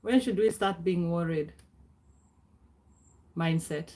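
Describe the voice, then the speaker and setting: A middle-aged woman leads a casual live stream, talking loosely, addressing viewers by name, and laughing and clearing her throat often. Her medium-pitched voice is a little mellow and a little slow.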